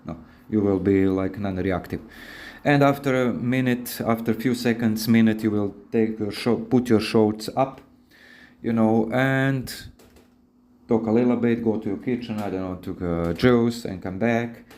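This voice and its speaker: Low, dark-voiced man rambling on a podcast. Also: unhurried. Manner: rambling, repeats words and restarts often; casual and instructive. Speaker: podcast host giving dating advice. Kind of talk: unscripted monologue podcast.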